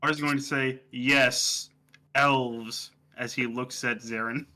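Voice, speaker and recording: A man's voice: medium pitch, steady tone, fairly quick, pushed and bright. A man playing in a tabletop game, talking in a dry, joking way. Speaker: player.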